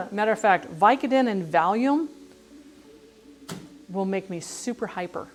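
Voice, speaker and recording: A woman's voice: mid-range voice, lively intonation, measured pace, slight background noise. A middle-aged woman chatting while she cooks on a livestream, rambling and self-deprecating. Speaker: cooking livestreamer. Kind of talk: casual chat while cooking on a livestream.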